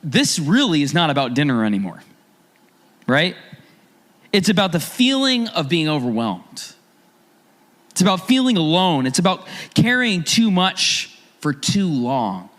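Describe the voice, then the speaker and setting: A man's voice: a little high, sing-song, measured pace, fairly bright tone. A man preaching a sermon as a pastor, talking in a conversational way and asking his listeners rhetorical questions.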